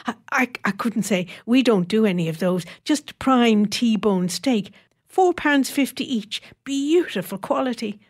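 A woman's voice: fairly high pitch, lively intonation, unhurried. A woman voicing a weary, pushy male door-to-door food salesman with eager sales patter.

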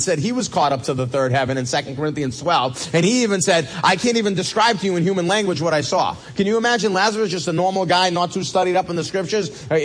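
A man preaching a sermon as a pastor, animated, with a husky voice. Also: high-pitched. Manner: animated, swings from loud questions to soft reassurance.

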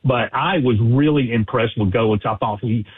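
A man, a guest on a sports radio show, talking casually and haltingly, with many restarts. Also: mid-range voice, breathy edge. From Alabama. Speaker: guest, sports agent and author. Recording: tinny phone line.

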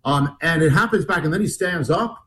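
Animated, rambling male storyteller. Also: fairly high pitch, brisk, rough recording. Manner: animated, rambling retelling with many restarts. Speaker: guest author. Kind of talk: casual interview storytelling.

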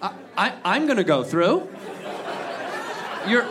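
An American man performing a stand-up comedy set, ranting loudly and profanely and acting out the people he quotes. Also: very high voice, takes it slowly, long pauses. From United States. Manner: loud, animated, profane rants with acted-out quotes. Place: comedy club stage with a laughing audience. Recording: live club recording, crowd laughter and noise.

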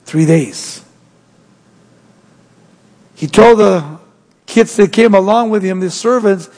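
A man preaching a sermon as pastor, swinging his voice high and low. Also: slow, long pauses, a little mellow. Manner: preaching with sweeping rises and drops in pitch. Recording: long hall reverb.

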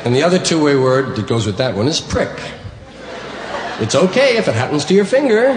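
A man's voice: a little high, big pitch swings, fairly quick, noisy background. A man doing stand-up comedy built on mock-indignant wordplay. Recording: roomy live stage recording with audience. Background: audience laughter.

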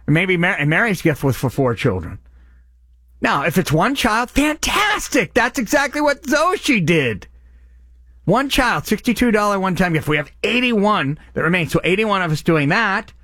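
A man's voice: high-pitched, sing-song, moderate pace, bright, forceful tone, no echo, clean studio sound. A man hosting a radio charity appeal, speaking in an earnest, impassioned way. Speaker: radio host.

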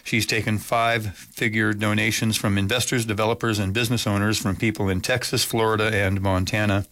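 Bright-voiced male news anchor. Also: lowish voice, level tone, fairly quick, dry recording. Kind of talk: read news bulletin.

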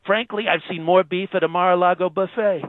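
A man's voice: high-pitched, fairly even intonation, brisk, no room sound, close to an everyday voice. A man impersonating a bragging president on the phone. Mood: boastful. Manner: boastful, repeats phrases for emphasis. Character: boastful brash male president, self-praising. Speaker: phone-in guest. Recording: tinny phone line.

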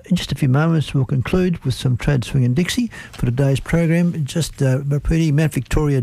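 A man's voice: medium pitch, creaky, warm tone, no room sound. A man with an Australian accent presenting a community radio show in a chatty, rambling way.

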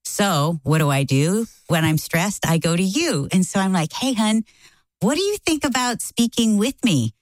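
A woman's voice: medium pitch, moderate pace, dry recording. A middle-aged woman co-hosting a casual talk, telling a story and acting out the quoted lines. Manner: animated, acts out quoted lines. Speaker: co-host.

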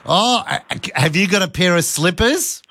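A man's voice: high voice, expressive, normal speed, sharp tone, no room sound. A man hosting talkback radio, chatting with callers in a cheeky, jokey way. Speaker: radio host. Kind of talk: casual talkback radio chat.

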